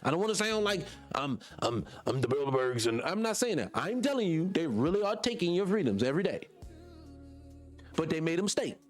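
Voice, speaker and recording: Animated Southern man preaching off the cuff. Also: on the high side, brisk, soft background music. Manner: preachy, animated, rhetorical questions, swears casually. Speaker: radio show host. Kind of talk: off-the-cuff monologue.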